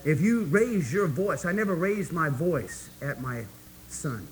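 A man preaching a sermon to his congregation, emphatic and folksy, swinging between hushed asides and loud, rising points. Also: a little high, lively intonation, measured pace, a little hiss or hum, poor audio. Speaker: pastor.

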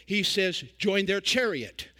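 An older man preaching a sermon as a traveling evangelist, folksy and animated, with sudden loud bursts and quick humorous asides. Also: high-pitched.

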